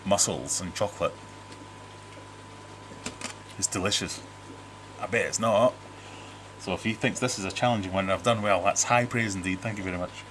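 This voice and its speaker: A middle-aged British host with a lowish, steady, slightly bright voice chats fairly quickly on a casual livestream from his home fish room, reading viewer comments aloud. He rambles, restarts sentences and makes dry jokes over a faint hiss.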